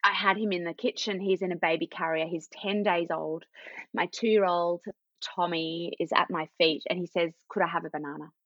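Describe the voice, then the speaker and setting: Australian woman, 30s, low voice, dry slightly muffled podcast audio; storyteller. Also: steady tone, moderate pace, dry recording. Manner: warm anecdotal storytelling, acts out quoted dialogue. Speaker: parenting guest, parent educator. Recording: dull, slightly lo-fi dry sound.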